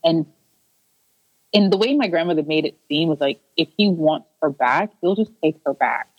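A woman's voice: deep voice, lively intonation, moderate pace, dry recording, lo-fi sound. A woman interview guest earnestly recounting a personal story, restarting her sentences and acting out the voices she quotes.

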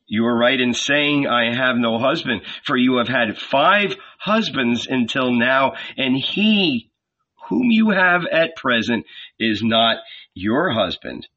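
Man doing a calm patient teacher, slow and husky, bright tone. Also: mid-range voice, highs cut off, full character voice. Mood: solemn. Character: calm gentle male teacher, patient and solemn.

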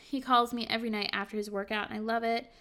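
A woman in her twenties, a podcast host, reading her own journal entries aloud in a candid, halting way with many fillers. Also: a little high, steady tone, bright, forceful tone. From Virginia. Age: 20s.

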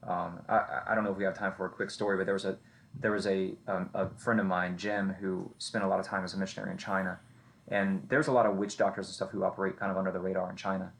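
A man co-hosting a casual Christian conversation, telling a story with lively quoted voices. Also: deep voice, quick pace, creaky. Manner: animated storyteller who acts out quoted voices.

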